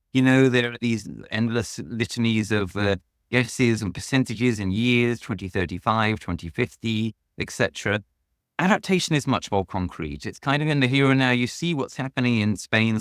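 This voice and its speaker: A man's voice: mid-range voice, no room sound, studio quality. A man answering as a guest author on a podcast, earnest and emphatic, leaning hard on key words.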